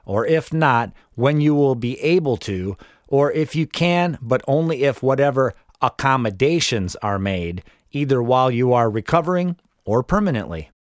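A man's voice: medium pitch, expressive, moderate pace, dry recording, clean studio sound. A man narrating his own memoir in the first person, wry and matter-of-fact as he tells it.

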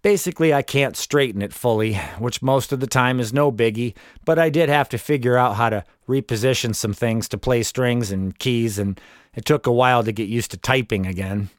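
A man's voice: mid-range voice, moderate pace, dry recording, clean studio sound. A man narrating his own memoir in the first person, wry and matter-of-fact as he tells it.

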